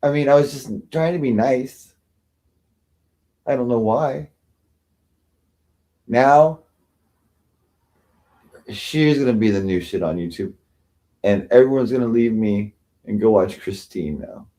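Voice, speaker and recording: A man's voice: medium pitch, takes it slowly, pauses often, warm tone. A man hosting a livestream, ranting sarcastically and with self-pity, often mocking others. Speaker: livestream host. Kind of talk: rambling livestream rant.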